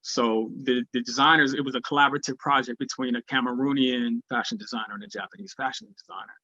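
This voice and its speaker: A man giving a spiritual talk, telling a personal story in an animated way and acting out the voices of people in it. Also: medium pitch, fast, dry recording, dull audio. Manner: animated, acts out quoted voices. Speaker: speaker at a spiritual gathering.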